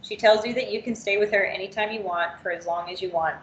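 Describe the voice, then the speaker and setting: A woman trainer reading an interactive story aloud in the second person, steady and unhurried. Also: mid-range voice, reverberant, muffled recording, slight background noise.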